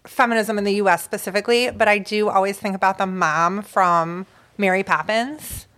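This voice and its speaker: A woman's voice: medium pitch, fairly even intonation, normal speed, sharp tone. A woman co-hosting a podcast in easygoing casual chat. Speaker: podcast co-host.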